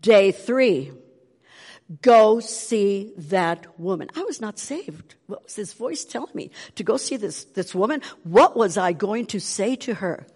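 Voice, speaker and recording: A woman's voice: medium pitch, moderate pace, hardly any pauses, husky, big-room sound. An older woman tells her testimony animatedly, acting out the voices of the people in her story. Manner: animated, acts out quoted voices. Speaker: speaker giving a testimony.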